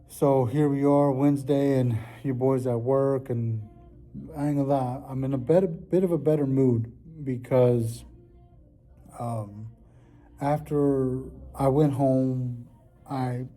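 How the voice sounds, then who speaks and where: A man's voice: medium pitch, dark tone. A man talking casually in a vlog, rambling and heartfelt, with lots of fillers. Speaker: vlogger. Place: at work.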